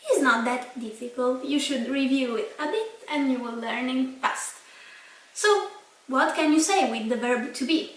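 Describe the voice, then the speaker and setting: A young Italian woman with an Italian accent, teaching a language lesson slowly and carefully, repeating each word. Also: high-pitched, lively intonation. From Italy. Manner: spells out and repeats words slowly. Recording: echoey room, mic at a distance.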